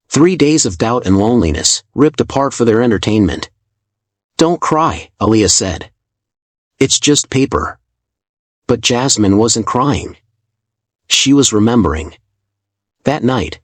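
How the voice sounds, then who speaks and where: A man narrating a dramatic story in a calm, measured, scripted way. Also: on the low side, no echo.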